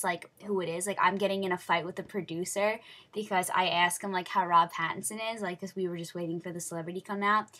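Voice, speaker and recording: A teenage girl telling an excited story in a casual vlog, gushing and full of fillers. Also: medium pitch. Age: teens. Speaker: vlogger.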